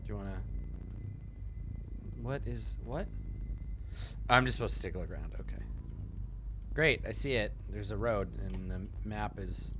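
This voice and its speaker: A man playing a story-driven game, reacting with excitable, loud outbursts and swearing. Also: fairly low pitch, measured pace, long pauses, background noise. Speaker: let's play gamer.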